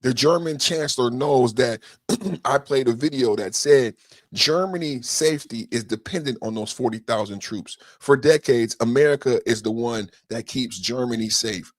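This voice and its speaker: A man hosting a podcast, giving political commentary in an indignant, profane rant that builds into shouting. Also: medium pitch, moderate pace, dry recording, clean studio sound. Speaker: podcast host.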